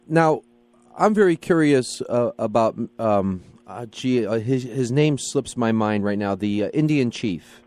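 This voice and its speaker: A man's voice: medium pitch, lively intonation, measured pace, a little mellow. Male radio host in studio, friendly and hesitant questioning, mid-range voice. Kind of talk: radio interview.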